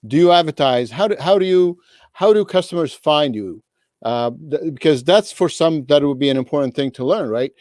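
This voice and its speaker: A friendly male interviewer on a video call, asking questions in a casual way and checking in with tag questions. His voice sits a bit high. The sound is dry and close. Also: lively intonation, normal speed, a little mellow, no echo.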